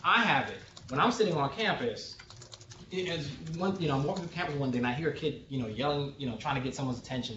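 A man's voice: a little high, expressive, fast, fairly bright tone, a little hiss or hum. A man giving a conversational lecture as a sociologist, joking and often checking in with his audience. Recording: echoey room, distant and dull.

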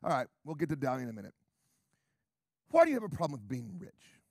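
A man's voice: mid-range voice, huge pitch swings, quick pace, creaky, no room sound, clean studio sound. Brash, sarcastic American man preaching. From United States. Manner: sarcastic, brash, shifting from quiet asides to shouting. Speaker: pastor. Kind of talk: sermon.

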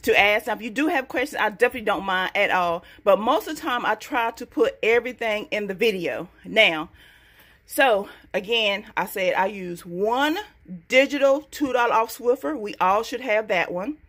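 A woman vlogs casually to camera about coupon deals, speaking at medium pitch and a moderate pace. She's very excitable and gets loud when thrilled, but hushes her voice while in the store.

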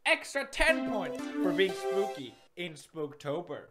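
A man hosting a comedic meme-rating show, goofy and animated, swinging from mumbling to shouting. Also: high voice, unhurried, loud music behind the voice. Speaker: YouTuber host.

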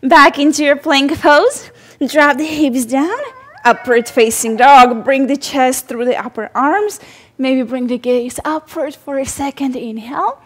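A woman guiding a yoga class in a high, light voice. She speaks slowly and gently, with encouraging cues and soft cooing to her baby. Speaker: yoga instructor. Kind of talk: guided yoga class instruction.

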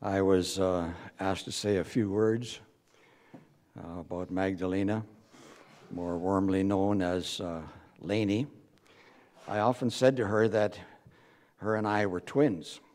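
A man speaking at a funeral in a church, giving an informal tribute with hesitant, halting pauses. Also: deep voice, steady tone, darkish tone. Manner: slow and hesitant, with many "uh" pauses. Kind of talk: informal eulogy remarks.

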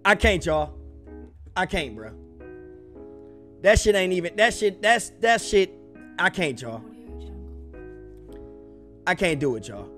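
A man's voice: high-pitched, big pitch swings, slow pace, long pauses, fairly bright tone. A young man hosting a music reaction video, ranting casually in slang and swearing in exasperation. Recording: faint music behind the voice.

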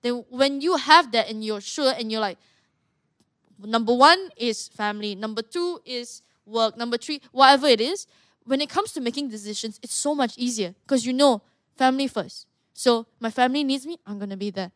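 Talkative young woman, fairly high. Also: moderate pace, fairly bright tone, dry recording, studio quality. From Malaysia. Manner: earnest, talkative, with frequent restarts. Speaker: guest, martial arts fighter. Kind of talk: casual podcast conversation.

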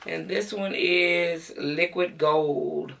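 Middle-aged Southern woman beauty vlogger, low gravelly voice, mic set a bit away, chatty and casual. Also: steady tone, drawn-out words, a bit bright, far from the mic, slight background noise. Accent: Southern American. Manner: chatty, talks straight to viewers as y'all. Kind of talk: casual haul vlog to camera.

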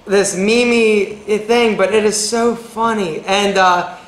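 A man's voice: high voice, fairly even intonation, slow. A man hosting a casual group chat in an office, upbeat and playful, laughing often. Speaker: host. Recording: echoey office room.

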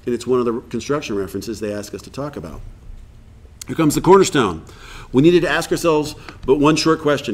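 A man's voice: medium pitch, animated, fast talker. Man giving a casual recovery workshop talk. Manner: conversational, reads passages aloud, acts out quotes. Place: live workshop event.

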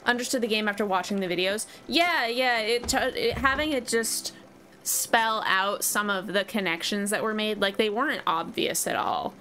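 With game music in the background and slight noise, a young woman streams a game live, her mid-range voice bright and pushed at a normal speed. She chats openly, reads out comments from viewers, and laughs a lot.

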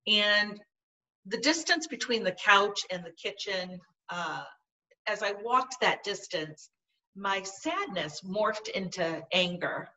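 Bright-voiced woman telling a story earnestly. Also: medium pitch, expressive, slow, recorded from a distance, poor audio. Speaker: podcast guest. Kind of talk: personal storytelling in an interview.

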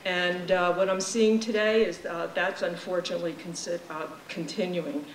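A woman's voice: lowish voice, fairly even intonation, moderate pace. Woman, public commenter, blunt casual talk, echoey chamber. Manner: frank, exasperated, casual phrasing. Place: legislature chamber. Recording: echoey chamber, faint crowd and noise.

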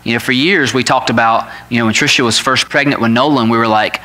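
A man in his forties, a pastor, telling a family story in a sermon in an animated way, laughing at his own tale. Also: mid-range voice, fast, hardly any pauses.

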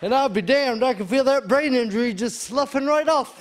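Stand-up comic, man, very high voice, relaxed storyteller, laughing audience behind. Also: a little fast, a faint crowd, slight background noise. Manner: laid-back storytelling with punchy quoted voices. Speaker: stand-up comedian. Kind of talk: stand-up routine. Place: studio stage before a live audience. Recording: live stage mic with loud audience.

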